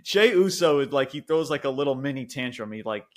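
Animated man recapping in casual chat. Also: mid-range voice, fairly quick. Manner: animated, rambling retelling with frequent restarts. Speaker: wrestling podcast co-host.

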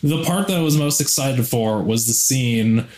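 A man co-hosting a casual podcast, telling an animated story and swearing freely. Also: mid-range voice, moderate pace, roomy sound. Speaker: podcast co-host.

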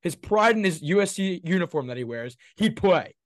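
A young man co-hosting a sports podcast, talking in a heated, ranting way and swearing freely. His voice sits a little high. The sound is dry and close. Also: animated, normal speed, no room sound. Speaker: podcast co-host. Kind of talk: casual sports talk.

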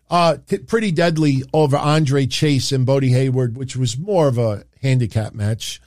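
A man hosting a casual livestream, talking in an excitable, rambling way and jumping into quick impressions. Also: mid-range voice, dry recording, clean studio sound. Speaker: wrestling show host.

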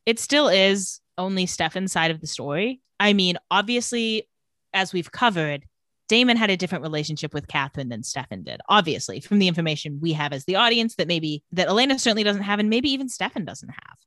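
A woman's voice: lowish voice, expressive, a little fast, fairly bright tone, no echo. A woman co-hosting a podcast, casually retelling a TV episode scene by scene and quoting the characters, with many "like"s. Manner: retells scenes with quoted lines, says "like" often. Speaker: podcast co-host recapping a TV episode. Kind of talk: casual chat.

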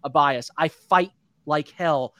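A man's voice: fairly high pitch, slow pace, pushed and bright, no echo, studio quality. Fired-up man in his thirties, ranting. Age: 30s. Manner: impassioned, repetitive, venting. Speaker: podcast host. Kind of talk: postgame sports rant.

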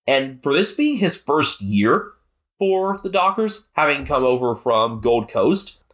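A man's voice: medium pitch, very animated, slow, a bit bright. An American man co-hosting a podcast, chatting casually and analytically about football. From United States. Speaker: podcast co-host. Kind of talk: casual sports chat.

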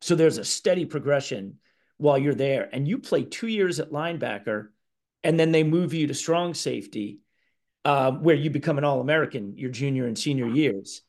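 A man's voice: mid-range voice, lively intonation, moderate pace, a little mellow. A man hosting an interview who sums up facts and asks short questions. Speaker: interviewer, host. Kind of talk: casual interview.

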